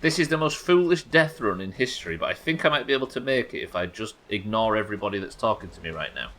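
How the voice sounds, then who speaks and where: A man's voice: lowish voice, expressive, quick pace, a bit bright, a little hiss or hum. A man from the UK streaming a video game live, rambling, swearing and chatting with his viewers as he plays. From United Kingdom.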